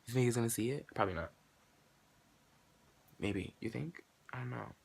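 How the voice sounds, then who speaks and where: A man in his late teens telling a story to camera in a casual vlog, animated and profane, acting out both sides of the dialogue with sudden jumps in pitch and loudness. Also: moderate pace, creaky, husky. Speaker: vlogger.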